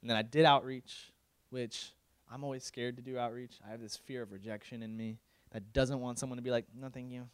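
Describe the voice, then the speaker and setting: A young male pastor preaching a casual, emotional sermon, moving from loud pleading to quiet confiding, with slang in his talk. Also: medium pitch, steady tone, fairly quick, clear, resonant tone, dry recording. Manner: casual, uses slang like bro.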